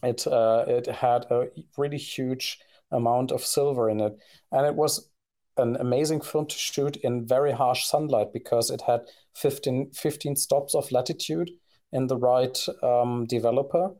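A man's voice: mid-range voice, fairly even intonation, a little slow, dark tone. A man co-hosting a podcast in casual conversation, talking hesitantly with many fillers and restarts. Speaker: podcast co-host.

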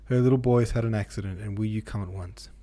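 A man's voice: fairly low pitch, fairly even intonation, fast talker, warm tone, close to an everyday voice. A man voicing a timid, ragged little girl in an audiobook reading, speaking in a pleading way.

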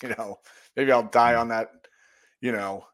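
A man's voice: medium pitch, steady tone, unhurried, a bit bright. A man co-hosting a podcast, talking casually in a thoughtful, rambling way. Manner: thoughtful, rambling with fillers and restarts. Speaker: podcast co-host. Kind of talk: casual chat.

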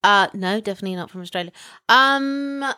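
A British woman co-hosts a chatty podcast at an average pitch for her sex. She talks hesitantly, with frequent ums and restarts, and keeps a dry, wry tone. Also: fairly quick, pushed and bright. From Britain. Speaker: podcast co-host. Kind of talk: casual chat. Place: in Canada.

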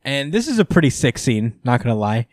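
A man's voice: mid-range voice, very animated, a little fast, no room sound, studio quality. A man hosting a casual chat, retelling a comic story with profanity, laughter and enthusiasm. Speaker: podcast host recapping comics. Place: lives in New York.

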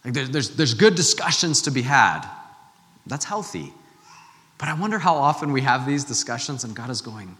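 A man in his thirties preaching a sermon as a pastor, conversational and animated, with lots of rhetorical questions. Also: medium pitch, a little fast. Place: church. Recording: reverberant church hall.

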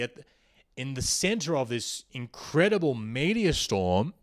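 Man, young adult, comedy podcast host, satirical rant, rambling and punchy. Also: medium pitch. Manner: rambling, riffing, with bursts of loud emphasis.

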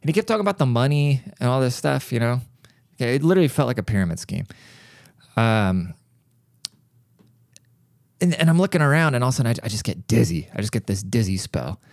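A man's voice: mid-range voice, fast, vocal fry, pauses often, no room sound, clean studio sound. Rambling, profane man telling a story. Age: middle-aged. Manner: rambling, profane, animated asides. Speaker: podcast host. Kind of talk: casual storytelling monologue.

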